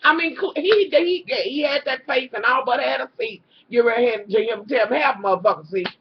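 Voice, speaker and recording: Talking straight to her viewers as "y'all," a woman recaps a reality show in an animated, exasperated, profane rant, swearing constantly. Her high voice moves at normal speed, slightly rough, in a dull lo-fi home recording.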